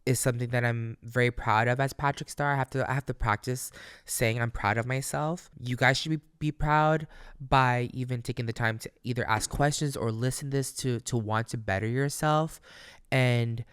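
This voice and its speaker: A man's voice: mid-range voice, steady tone, normal speed, a bit bright, smooth, dry recording, studio quality. A man hosting his own podcast in a casual solo monologue, speaking emphatically and candidly, swearing freely and addressing listeners directly. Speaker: podcast host.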